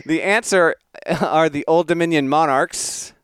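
A man co-hosting a casual sports podcast, playful and quizzing his co-host with quick laughs. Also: on the high side, a bit bright, smooth, no room sound, clean studio sound.

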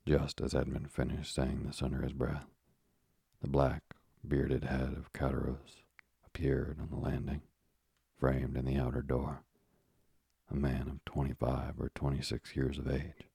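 A man narrating a classic novel as a slow, soft-spoken sleep story. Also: a bass voice, monotone, creaky, husky, dry recording, studio quality.

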